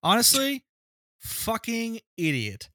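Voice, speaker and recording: A sarcastic man riffing in a casual podcast chat. He swears freely and his pitch moves a lot. His voice is bright, and the sound is dry. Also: wildly swooping pitch, slow, no echo. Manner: sarcastic, profane, goes into silly voices. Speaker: podcast co-host. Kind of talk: casual movie-review chat.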